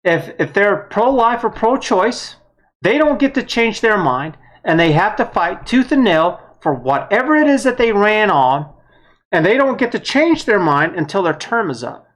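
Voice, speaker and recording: A woman's voice: mid-range voice, very animated, moderate pace. A woman giving a blunt, heated political opinion monologue, with some mild swearing. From United States. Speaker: vlogger.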